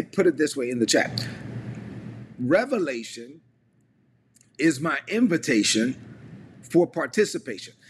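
A man's voice: fairly high pitch, sharp tone, a little hiss or hum. A man preaching a livestreamed sermon as a pastor, repeating key phrases and calling on viewers to respond in the chat. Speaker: pastor and ministry leader.

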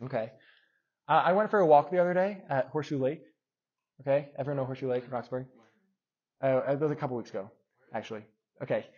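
A man's voice: mid-range voice, quick pace, pauses often, husky, muffled recording. A man preaching as a youth pastor in a casual, conversational way, telling a story to a group in a church room. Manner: lively and conversational, directing a live skit.

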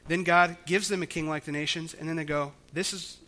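A man's voice: a little high, fairly even intonation, brisk, pushed and bright. A man preaching a sermon, explaining scripture in a conversational way with frequent restarts. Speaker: pastor.

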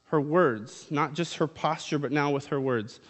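A man's voice: fairly high pitch, normal speed, a bit bright. A man preaching a sermon in a casual, conversational way, reading scripture aloud and then explaining it. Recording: long hall reverb.

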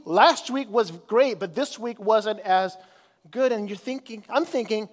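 A man's voice: very high-pitched, normal speed. A man preaching a casual, conversational sermon as pastor, talking with many fillers and restarts. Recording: long church hall reverb.

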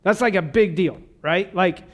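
A man with a high-pitched voice preaches to his congregation. He is fervent and passionate yet conversational, dropping casual asides between points. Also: moderate pace. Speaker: pastor. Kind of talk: sermon. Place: church service.

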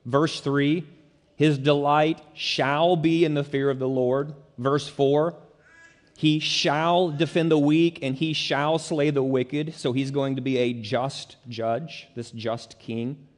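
A man delivering a sermon, earnest and pressing his points with rising urgency. His voice sits a touch high for a man, and it rings with a long reverb, as if in a church sanctuary. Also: fairly even intonation, slow. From central Illinois, US. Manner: earnest, building to urgent emphasis. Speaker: pastor.

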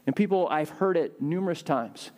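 A young adult male pastor giving a casual, animated sermon, acting out voices with big jumps in pitch. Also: normal speed.

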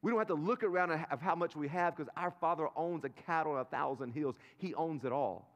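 A man's voice: a little high, a little fast, highs cut off. A man in his thirties preaching a conversational sermon as pastor, telling stories and checking in with his congregation. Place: large church sanctuary. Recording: live sermon in a reverberant sanctuary.

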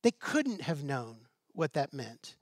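A man preaching in a relaxed, talky manner, pitched a little higher than most men. He leans on rhetorical questions and light asides to his congregation. The sound is dry, with almost no room around it. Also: slow pace, no echo. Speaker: pastor. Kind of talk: sermon.

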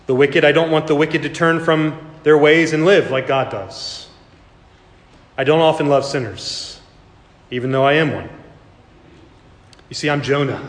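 A man delivers a sermon from the pulpit, his fairly high voice carrying through a reverberant church hall. He moves between quiet, confessional stretches and impassioned, emphatic rises. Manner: impassioned, rising to emphatic peaks. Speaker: pastor. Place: church sanctuary.

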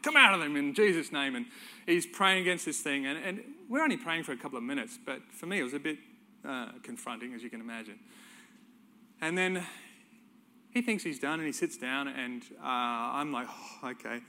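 A man's voice: medium pitch, normal speed, sharp tone. A middle-aged man, preaching a sermon by telling a personal story in a conversational way, chuckling now and then.

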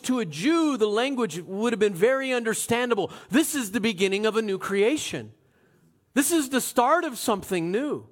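Male pastor with a high voice, preaches in a lively, dramatic way and swings between loud and hushed. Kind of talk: sermon.

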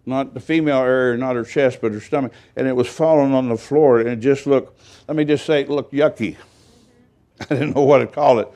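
A man's voice: medium pitch, steady tone, a little fast, warm tone. An older man, a pastor, telling a story in a rambling, folksy sermon with self-deprecating humor.

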